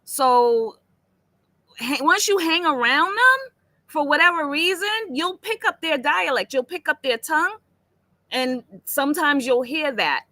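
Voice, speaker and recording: Chatty woman from Boston, bright and dry. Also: high voice, expressive, a little slow, no echo. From Boston, Massachusetts. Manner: rambling, chatty, swears freely. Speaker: livestream guest. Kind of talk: casual livestream chat.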